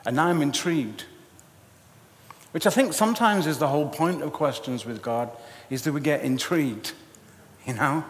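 A man preaching a sermon, telling a personal story with animated, self-mocking humor. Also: on the high side. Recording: long hall reverb.

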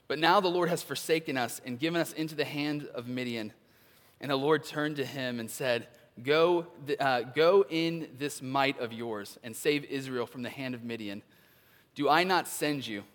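A young adult man preaching a sermon as a pastor, animated and acting out the characters he describes in quick voiced asides. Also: mid-range voice. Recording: long hall reverb.

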